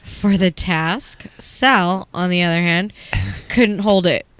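A woman's voice: fairly low pitch, takes it slowly, a little hiss or hum. A woman guest on a podcast, bantering bluntly with crude jokes and reading a listener email aloud. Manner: blunt, profane, laughs loudly.

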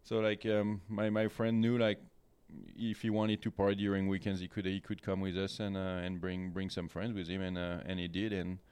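A man's voice: low voice, little pitch movement, brisk, darkish tone, clear, resonant tone, no room sound. A man telling a story in casual chat, rambling with many fillers and restarts. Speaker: guest.

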